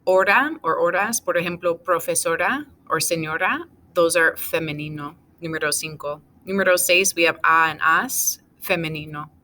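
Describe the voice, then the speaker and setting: A woman teaching a recorded class, going over answers item by item in a steady, methodical way. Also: on the low side, moderate pace, slight background noise. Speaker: Spanish teacher.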